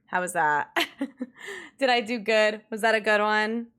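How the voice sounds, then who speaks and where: A woman's voice: medium pitch, measured pace, a bit bright, clear, resonant tone. A young woman streaming, chatting casually and rambling through a story with lots of fillers and giggles. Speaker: livestreamer. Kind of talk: casual livestream chat with viewers.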